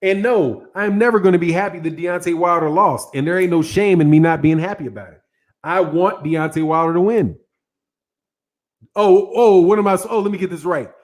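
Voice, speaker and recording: High-voiced man ranting about boxing. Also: fairly quick. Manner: animated, repetitive, talks straight to viewers; laughs often between points. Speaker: boxing channel host. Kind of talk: casual reaction commentary.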